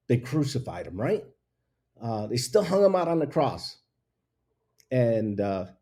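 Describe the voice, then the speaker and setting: A show host runs his own talk show, ranting bluntly in casual opinion talk and laughing at himself along the way. His voice is medium-pitched, mellow, and husky.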